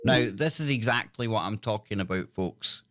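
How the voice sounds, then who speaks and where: A man's voice: lowish voice, moderate pace, a bit bright. A man hosting a live talk show, chatting enthusiastically and often repeating himself. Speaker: talk radio host.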